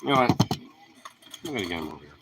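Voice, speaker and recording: A young man at home talking to his husky dogs, mixing teasing baby talk with swearing. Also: low-pitched, sing-song, fast, pushed and bright, slight background noise. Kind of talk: casual talk to his pets.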